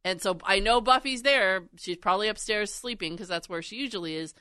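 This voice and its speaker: A woman's voice: medium pitch, fairly quick, sharp tone, clean tone, no echo. A woman co-hosting a casual chat, telling stories and laughing often. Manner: storytelling with frequent laughs.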